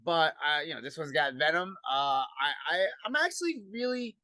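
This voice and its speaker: A man's voice: on the high side, sing-song, normal speed, bright, forceful tone, no room sound. A man with a Brooklyn accent hosting a casual podcast chat, rambling and repeating himself. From Brooklyn, New York. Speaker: podcast host.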